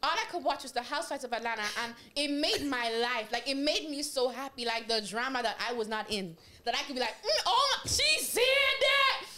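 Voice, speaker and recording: A young woman, a podcast guest, chatting casually in an animated way, sometimes slipping into an American-style drawl. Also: on the high side, fast talker, hardly any pauses. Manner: animated, slips into an American drawl, laughs a lot. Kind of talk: casual chat.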